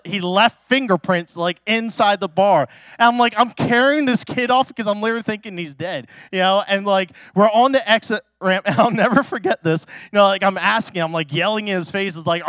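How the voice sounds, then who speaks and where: High-voiced pastor telling stories, chatty. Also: male voice, a bit bright, no room sound, clean studio sound. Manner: chatty, with many fillers and restarts. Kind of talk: casual storytelling sermon. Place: church.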